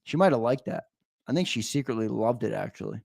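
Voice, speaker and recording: A man hosting a livestream, teasing and swearing in loud, casual banter with his viewers. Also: mid-range voice, expressive, fairly quick, creaky, slight background noise. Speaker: host.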